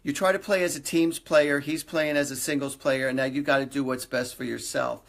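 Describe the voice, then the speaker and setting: A middle-aged man runs a live psychic reading for his stream's viewers, passing along reassuring messages earnestly, repeating phrases and joking lightly. His medium-pitched voice is creaky and a bit bright, fairly quick, with fairly even intonation.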